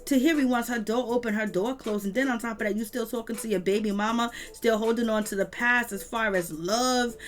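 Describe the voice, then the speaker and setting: A woman's voice: a little high, fairly even intonation, brisk, few pauses. Slangy woman recapping reality TV. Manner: slangy, emphatic, repetitive lists; retells scenes with quoted voices. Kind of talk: casual recap commentary.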